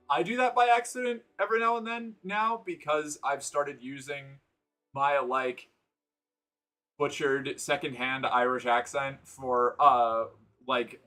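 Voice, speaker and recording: A man's voice: mid-range voice, sharp tone. A man from New England streaming casually from the floor, rambling through chat with lots of fillers and restarts. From New England, United States. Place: indoors, sitting on the floor.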